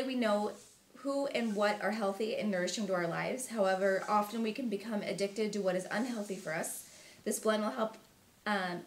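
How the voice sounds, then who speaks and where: A woman host reading aloud from a book at home, cheerful and steady, with short chat in between. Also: mid-range voice, reverberant. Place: home room.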